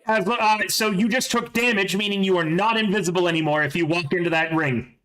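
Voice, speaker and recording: Bright-voiced game master. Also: male voice, high-pitched, brisk, low-quality recording. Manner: rules-explaining, narrating combat. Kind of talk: running a tabletop game.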